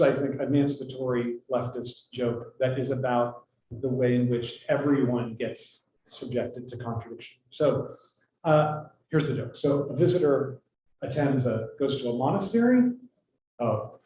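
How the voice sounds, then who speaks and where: A man's voice: fairly high pitch, dark tone, a little hiss or hum. A man giving an academic lecture in a casual, conversational way, often breaking off his sentences and telling jokes. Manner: conversational, self-interrupting, tells jokes. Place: lecture hall. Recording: echoey hall, voice from far off.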